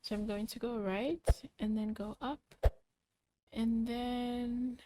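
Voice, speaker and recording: A young woman slowly talking kids through a coding puzzle, muttering each step and cheering when it works. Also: a little high, poor audio. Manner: cheerful, muttering steps aloud, excited yays. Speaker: coding club instructor. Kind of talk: slow think-aloud coding walkthrough for kids.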